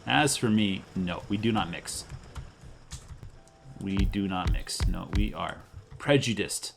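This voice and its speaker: Hoarse middle-aged game host with a cold, gravelly voice that swings around a lot, chatty and joking, faint hiss. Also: male voice, low voice, animated, slow. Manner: chatty, joking with his daughter. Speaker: gameplay video host. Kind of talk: casual game commentary.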